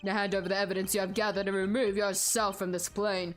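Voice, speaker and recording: A woman voicing a pompous, commanding male head of state in a game, speaking in slow, grandiose declarations. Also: mid-range voice, faint music behind, lightly acted.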